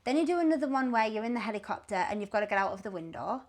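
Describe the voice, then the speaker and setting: A woman telling a story in casual chat as a guest, animated, swearing freely and acting out the people she quotes. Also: on the high side, rapid-fire. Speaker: guest, business founder.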